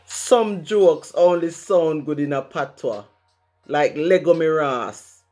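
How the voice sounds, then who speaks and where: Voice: mid-range voice, slow, darkish tone, faint music behind. A speaker from Jamaica with a Jamaican accent, reciting a rhyming poem in a rhythmic way, using patois phrasing. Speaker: poet.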